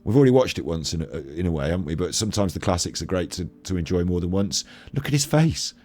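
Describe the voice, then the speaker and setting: Laughing, chatty low-voiced man. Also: racing, darkish tone. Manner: chatty, laughs often, swears. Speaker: streamer reacting to a clip. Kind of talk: casual commentary.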